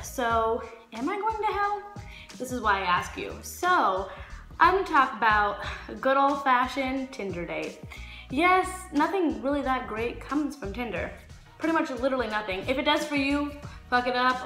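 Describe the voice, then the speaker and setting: A young woman in her twenties telling a casual story-time vlog, animated and acting out the quotes. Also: on the high side. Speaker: vlogger. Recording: echoey room with faint music.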